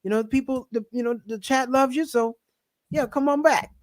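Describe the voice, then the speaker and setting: High-voiced man hosting a casual livestream. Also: fairly quick, dry recording, clean studio sound. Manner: laid-back, swears casually. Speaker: livestream host. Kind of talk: casual live-stream chat.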